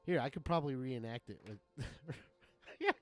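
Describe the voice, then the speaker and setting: A male game streamer chatting loosely into a desk mic from his home setup. He rambles, swears freely and keeps breaking into chuckles. His pitch sits in a plain middle range. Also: expressive, normal speed, soft background music. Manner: rambling, profane, chuckling often. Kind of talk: casual live-stream chat.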